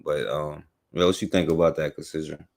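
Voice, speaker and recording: A man's voice: rumbling low, level tone, fairly quick. A man hosting a casual podcast discussion, rambling with many fillers and restarts.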